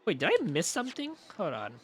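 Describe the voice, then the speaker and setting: A young man streaming a game, chatting casually, excitable and profane. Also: high voice, a little fast, a little hiss or hum. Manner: excitable and profane, bursts into loud laughter. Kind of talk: casual live-stream commentary.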